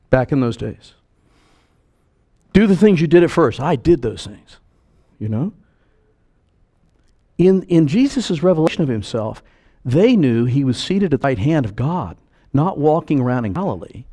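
An older man preaching a sermon as pastor, animated, acting out the voices of the people he quotes. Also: a little high, normal speed, pauses often.

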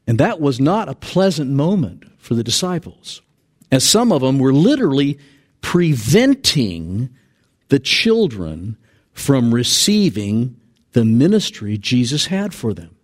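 A man preaching a sermon as pastor, animated and acting out quoted voices. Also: measured pace. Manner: animated, acts out quoted voices with big pitch jumps. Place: church sanctuary.

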